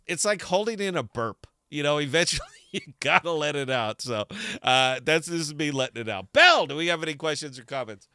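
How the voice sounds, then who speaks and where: Dude ranting on his podcast stream, bright forceful voice, dry close sound, swears a lot. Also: on the high side, animated, brisk, clean tone, no room sound. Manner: fired-up, blunt, profane ranting. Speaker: podcast host. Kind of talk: livestream casual chat.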